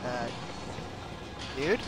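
A man commentating a horror game, jumpy and yelping with nervous laughter. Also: extremely slow. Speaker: gameplay commentator. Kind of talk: horror game let's play. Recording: commentary over game music.

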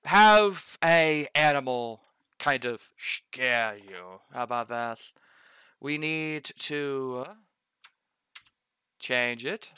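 A man's voice: medium pitch, very slow, pauses often, bright, forceful tone, smooth, no echo. A man game master thinking aloud as he builds a dungeon map, muttering corrections to himself and noting he has slipped into an odd accent.

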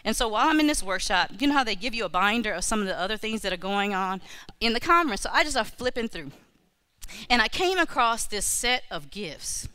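A woman preaching a storytelling sermon, animated and exhorting, repeating key phrases to the congregation. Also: medium pitch, brisk, smooth, no echo. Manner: animated, acts out her own prayers and inner voices. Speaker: church speaker.

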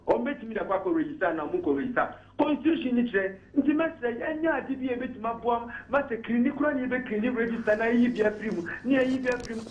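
A man's voice: extremely high pitch, fast, hardly any pauses, roomy sound, dull audio, slight background noise. A man with a Ghanaian accent calling in to a radio talk show, arguing emphatically and mixing Twi and English. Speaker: caller. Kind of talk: radio call-in commentary.

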